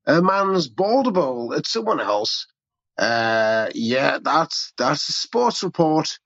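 A man's voice: a little high, very animated, slow, a bit bright, dry recording, dull audio. An English man rambling in a hesitant voicemail. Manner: rambling and hesitant, tipsy-sounding. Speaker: voicemail caller.

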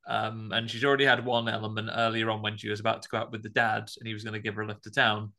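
A man's voice: fairly low pitch, flat delivery, rapid-fire, sharp tone. A man co-hosting a podcast, recapping a film in a laid-back, casually sweary way. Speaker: podcast co-host.

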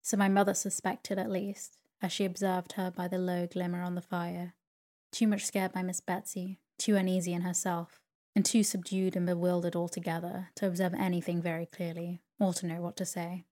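A woman narrating a classic novel as a bedtime sleep story in a calm, measured reading voice. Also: lowish voice.

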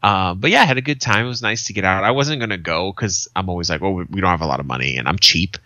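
A man's voice: low-pitched, fast talker, pushed and bright, dry recording, muffled recording. A man in his thirties, a podcast co-host telling stories in casual chat, swearing freely and acting out quotes. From Arizona, USA. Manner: swearing, storytelling with acted quotes.

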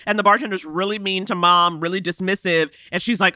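A woman's voice: on the low side, quick pace, few pauses, no echo, studio quality. A young woman co-hosting a podcast, chatting casually and acting out characters with lots of laughter. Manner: animated, laughing, acts out characters. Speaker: podcast co-host. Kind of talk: casual chat recapping a film. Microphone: podcast microphone.

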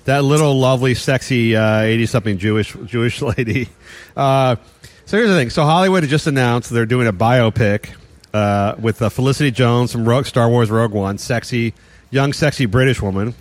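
A man chatting casually and joking in a rambling, laughing way. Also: medium pitch. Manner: fast, rambling, joking with frequent laughs and fillers. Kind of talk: casual podcast banter.

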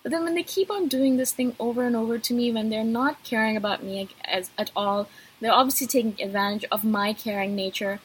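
A woman's voice: fairly high pitch, a little fast, breathy edge, low-quality recording. A woman vlogger talking straight to her viewers in an intense, passionate way. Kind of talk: direct-to-camera talk.

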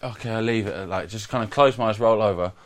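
A man's voice: lowish voice, fast talker. A young man, telling a crude story casually among friends, swearing often and acting out the people he quotes. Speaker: podcast regular telling a story.

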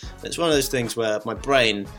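A man's voice: mid-range voice, normal speed, a bit bright, soft background music. A man telling a funny anecdote in a casual podcast chat, laughing often. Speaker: guest.

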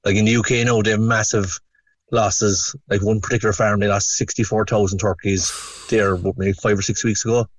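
An Irish farmer speaks as a guest in a plain-spoken, halting way. His voice is fairly low, and the sound is dry and close. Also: little pitch movement, dry recording.

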